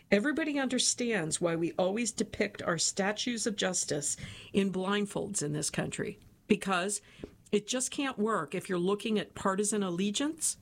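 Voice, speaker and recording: A woman reads a printed interview aloud, carrying both the questions and the answers herself. Her delivery is steady and measured, with her pitch sitting in the usual middle range for a woman.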